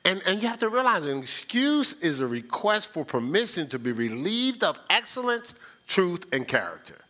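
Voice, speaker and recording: A man's voice: sits high, sing-song, moderate pace, pushed and bright. A man preaching a conversational sermon, talking with the congregation, asking rhetorical questions and repeating his key lines. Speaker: pastor.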